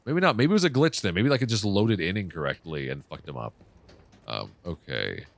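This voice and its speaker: A man casually commenting on his own game playthrough, swearing often and reacting loudly to what happens on screen. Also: low voice, expressive, brisk, gravelly. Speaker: gaming channel host. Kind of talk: casual let's play commentary.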